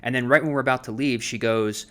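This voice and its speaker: Talking fast in a mid-range voice, a thirtysomething actor and podcast co-host spins a long story on a casual show. He rambles and fills it with fillers, retelling events in an animated way.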